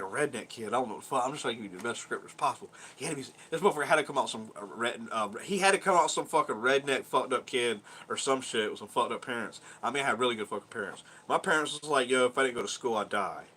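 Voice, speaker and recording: A man's voice: medium pitch, bright, forceful tone. A man in his thirties telling a rambling, profane story from his childhood in a casual vlog, laughing now and then. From Georgia, US. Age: 30s. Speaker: vlogger.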